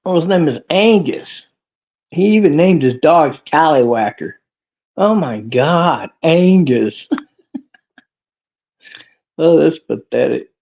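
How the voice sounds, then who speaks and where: A man's voice: fairly high pitch, animated, slow pace, pauses often. A man hosting a livestream podcast, rambling crudely and chuckling as he answers viewers. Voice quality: gravelly. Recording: tinny phone-like audio.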